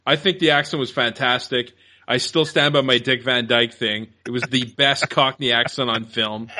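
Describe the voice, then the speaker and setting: A man's voice: medium pitch, fairly even intonation, normal speed, pushed and bright. A man co-hosting a casual movie chat, joking and arguing a contrary view in banter. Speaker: podcast co-host.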